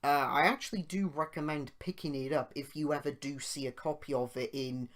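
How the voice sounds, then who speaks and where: A man's voice: a little high, fairly even intonation, a little fast. Rambling British man telling stories. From United Kingdom. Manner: rambling, goes off on tangents; grows loud and indignant while retelling. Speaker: podcast host. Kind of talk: casual storytelling podcast.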